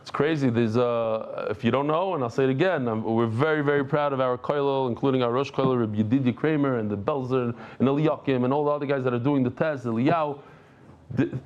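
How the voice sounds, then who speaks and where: A middle-aged man giving a daily Talmud lesson to a live group, talking in quick bursts, breaking off mid-thought and bantering with listeners. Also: mid-range voice, lo-fi sound, a little hiss or hum. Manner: lively, jumps between thoughts, self-interrupting. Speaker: Talmud teacher.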